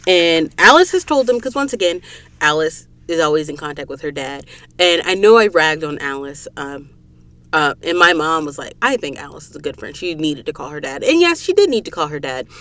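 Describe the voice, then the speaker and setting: A young woman from the American South with a Southern accent, hosting a podcast and recapping a book in a casual, animated way, acting out the characters' dialogue. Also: deep voice, fairly quick. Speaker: podcast host.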